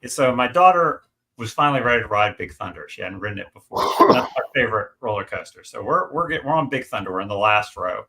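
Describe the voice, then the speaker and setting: A middle-aged man telling stories in a casual live chat, animated and full of fillers. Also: on the low side, quick pace, creaky, a little hiss or hum. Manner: chatty, animated storyteller, many fillers and restarts. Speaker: guest on a livestream.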